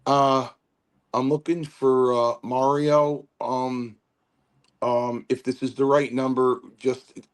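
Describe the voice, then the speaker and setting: A man imitating a gruff old wrestling mentor. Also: medium pitch, level tone, takes it slowly, voice pushed up, close to an everyday voice. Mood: hesitant. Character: gruff older male wrestling veteran, stern mentor.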